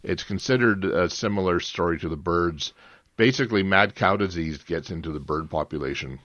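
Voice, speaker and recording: A man with a very low voice talks through a film in a casual podcast chat. He rambles and often restarts his sentences. The sound is dull and lo-fi, and quite dry. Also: normal speed, fairly bright tone, no room sound. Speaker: podcast co-host.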